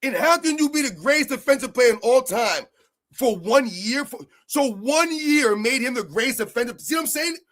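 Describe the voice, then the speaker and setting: A man's voice: very high voice, lively intonation, moderate pace, fairly bright tone. A man hosting a heated sports rant, emphatic and argumentative, hammering his points by repeating them. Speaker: sports commentary host.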